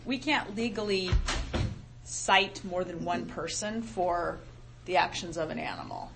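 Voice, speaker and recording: A woman from county staff explaining a rule at a public meeting, measured and full of ums. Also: fairly low pitch, gravelly, background noise. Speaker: county animal services staff.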